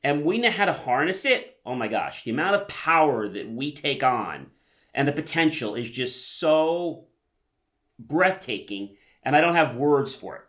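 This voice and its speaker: A man's voice: on the high side, sing-song, unhurried, fairly bright tone. A man presenting a self-help lesson to the camera, in a casual, enthusiastic, chatty way, often checking in with the viewer. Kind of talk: casual instructional talk to camera.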